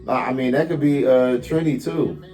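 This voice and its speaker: A man's voice: mid-range voice, steady tone, moderate pace, dark tone, soft background music. A man hosting a casual podcast, bantering with callers in a joking, profane, teasing way. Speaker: podcast host. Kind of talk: casual live-stream chat with callers.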